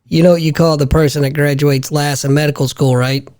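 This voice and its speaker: A man's voice: on the high side, little pitch movement, fairly quick, darkish tone, no echo, clean studio sound. A man joking sardonically in a casual panel chat.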